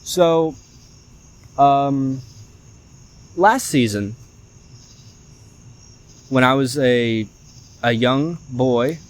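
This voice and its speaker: A young man, hosting a casual sports podcast, chatty and animated, often saying "y'all". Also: mid-range voice, extremely slow, pauses often. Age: young adult. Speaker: podcast host.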